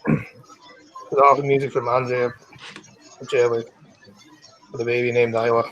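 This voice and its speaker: A Scottish man hosting a live stream, reading news stories aloud casually, stumbling over words and clearing his throat. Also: medium pitch, level tone, a little slow, fairly bright tone, lo-fi sound.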